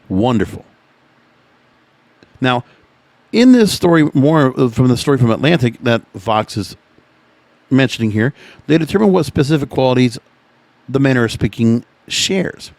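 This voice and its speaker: A male podcast host with a lively, swinging voice, reading passages aloud and then breaking off to argue with them. He talks in a chatty, opinionated way. The sound is dry, with no room on it. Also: mid-range voice, no echo. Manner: opinionated, chatty, reacting to what he reads aloud. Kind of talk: casual podcast commentary reading from an article.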